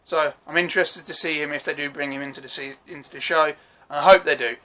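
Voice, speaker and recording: A young man talks through a TV episode in a casual solo vlog. His voice sits a little high and sounds bright and tense, and he rambles eagerly with frequent self-corrections and apologies. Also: fairly even intonation, quick pace, a little hiss or hum. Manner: enthusiastic, rambling, swears freely. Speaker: TV episode reviewer.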